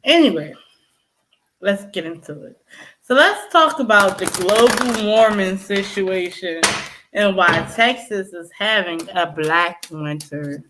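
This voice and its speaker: A woman's voice: mid-range voice, expressive, takes it slowly, noisy background. A young woman tarot reader ranting casually to camera, blunt and swearing, laughing between points. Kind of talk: profane casual rant to camera.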